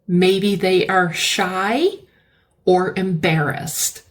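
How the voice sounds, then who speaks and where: A woman teaching English vocabulary, explaining words slowly and repeating key terms. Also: lowish voice, fairly even intonation. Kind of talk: slow classroom-style vocabulary lesson.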